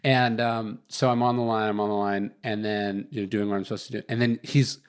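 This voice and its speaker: A man's voice: lowish voice, brisk, smooth. Rambling man telling a story. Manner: rambling, lots of "like" fillers, animated retelling. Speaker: guest author. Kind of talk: casual storytelling interview. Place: guest's chosen location.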